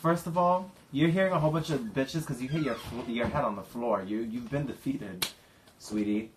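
A young man running a prank call with a sassy, taunting edge. His pitch sits in the middle. A faint hiss of noise runs underneath. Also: moderate pace. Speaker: prank caller.

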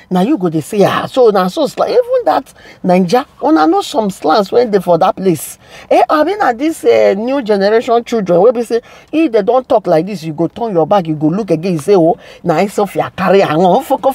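A woman's voice: mid-range voice, dry recording. Scolding Nigerian woman vlogger. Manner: scolding, preachy, lively. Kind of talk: casual commentary rant to viewers.

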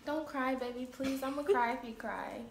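A woman's voice: high-pitched, normal speed, creaky, reverberant. A woman vlogger chatting casually with her partner, giggly and anxious, swearing often and calling her partner baby. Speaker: vlogger doing the waxing.

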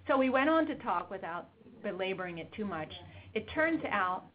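Woman doctor giving a chatty talk to parents, lots of ums, middle pitch, muffled lo-fi recording. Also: sing-song, normal speed. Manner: chatty, storytelling, frequent ums. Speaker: developmental pediatrician presenting a workshop. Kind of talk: informal lecture with case stories. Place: meeting room with a small audience. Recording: dull lo-fi room recording.

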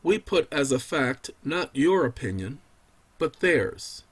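A man hosting his own channel, giving an impassioned, preacher-like lecture to his audience. He talks emphatically, keeps addressing "ladies and gentlemen," and swings between hushed and loud delivery. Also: a little high, very animated, takes it slowly, husky. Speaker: channel host giving legal advice.

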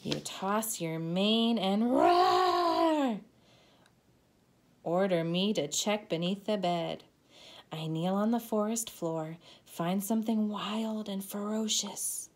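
Storytime host, woman; slow, gentle, expressive picture-book reading that invites kids to join in. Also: mid-range voice, slight background noise. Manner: expressive, gentle read-aloud, asks children to join in.

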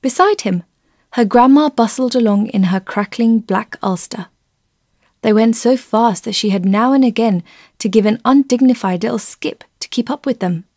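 A woman narrating a classic short story in a measured, unhurried way, close to the mic. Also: a little high, a little mellow, no echo. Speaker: audiobook narrator. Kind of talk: scripted narration.

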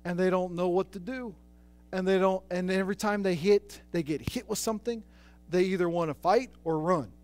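A man with a high, light voice preaching a sermon. He tells stories quietly, then rises to fervent, ringing declarations and repeats phrases for emphasis. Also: normal speed, faint music behind, poor audio. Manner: builds from soft storytelling to loud preaching. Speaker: pastor.

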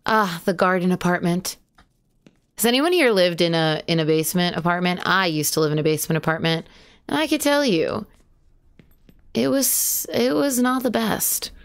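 A woman's voice: on the low side, moderate pace. A woman streaming a horror game live, chatting to viewers, yelping at jump scares and swearing casually. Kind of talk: live horror gameplay commentary.

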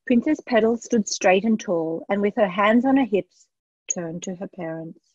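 A woman's voice: medium pitch, normal speed, darkish tone, dry recording. Woman reading a children's story aloud. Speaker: storybook reader. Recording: dull lo-fi dry sound.

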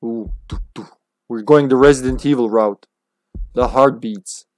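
A man's voice: mid-range voice, measured pace, a little mellow, faint music behind. A man streaming a video game, chatting casually and jokingly as he plays. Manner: playful, joking, reads in-game lines aloud. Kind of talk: casual gameplay commentary.

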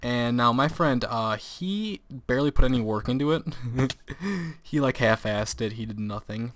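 A man's voice: mid-range voice, moderate pace, a bit bright. A teenage boy giving casual gameplay commentary, rambling through a story and laughing often. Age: teens.

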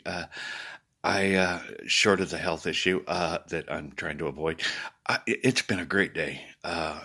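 A man talking casually to viewers, rambling with many restarts and swinging between worried and loud. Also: sits low, gravelly, breathy edge. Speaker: video blogger.

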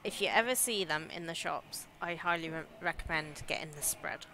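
A woman's voice: deep voice, moderate pace, bright, forceful tone, slight background noise. A young woman with an English Midlands accent chatting casually and giggling as she streams a game. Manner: chatty, giggly, reacts aloud to scares. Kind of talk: casual live gameplay commentary.

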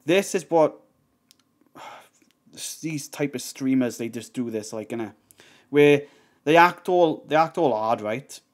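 A man's voice: mid-range voice, expressive, measured pace, pauses often. A man reacting to a video, heated and swearing, rambling with lots of fillers. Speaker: reaction streamer. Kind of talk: reaction commentary.

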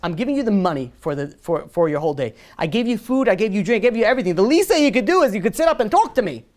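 A man voicing a wealthy male host in a story, insistent and bargaining, in a quick, slightly raised voice. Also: on the high side, sing-song, mellow. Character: wealthy male host, generous but demanding.

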